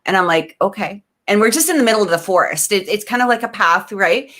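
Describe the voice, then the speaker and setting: A woman from Canada, co-hosting a podcast, tells a personal story in a lively, emotional way, full of restarts and fillers. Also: medium pitch, fast talker. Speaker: podcast co-host. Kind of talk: casual storytelling in an interview.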